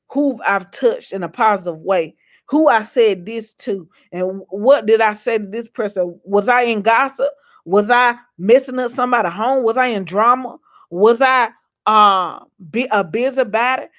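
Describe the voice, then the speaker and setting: A woman's voice: a little high, a bit bright. A woman vlogger giving a faith-based motivational talk, preachy and repetitive, folksy and calling out to her viewers. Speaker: inspirational vlogger.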